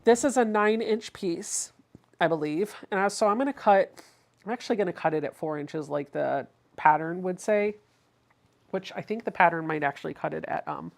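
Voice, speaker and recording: A woman's voice: fairly low pitch, normal speed, vocal fry. A woman hosting a casual sewing livestream. She chats through each step and reads viewer comments aloud.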